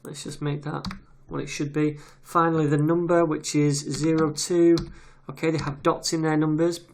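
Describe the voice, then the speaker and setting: A man's voice: fairly high pitch, little pitch movement, normal speed, creaky, a little mellow. A man teaching a web development tutorial in a casual, chatty way, reading details aloud as he types. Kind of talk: screen-recorded coding tutorial. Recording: audible keyboard typing noise. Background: keyboard clicks and typing.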